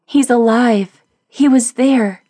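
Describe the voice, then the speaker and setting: A woman's voice: fairly high pitch, slow pace, mellow, voice pushed up. A woman narrator voicing a frightened young woman waking from a nightmare, with a raised, urgent voice. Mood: fierce.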